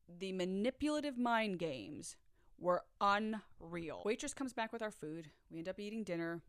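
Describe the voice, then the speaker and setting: A woman's voice: mid-range voice, normal speed, no echo, clean studio sound. A woman telling her own story in a casual vlog, blunt and candid, swearing freely and talking straight to her viewers. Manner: animated, talks straight to viewers. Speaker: storyteller recounting a past relationship. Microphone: own microphone.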